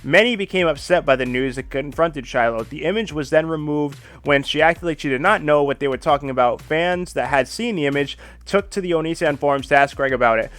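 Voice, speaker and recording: A man's voice: a little high, a little fast, hardly any pauses, a bit bright. A man hosting a drama commentary stream, reading a script, then ranting in a profane, repetitive and exasperated way.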